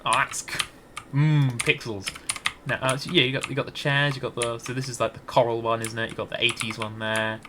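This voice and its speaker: A man's voice: mid-range voice, little pitch movement, fairly quick, noisy background. A Scottish man giving rambling, hesitant gameplay commentary into a desk mic, with many restarts. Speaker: gaming YouTuber.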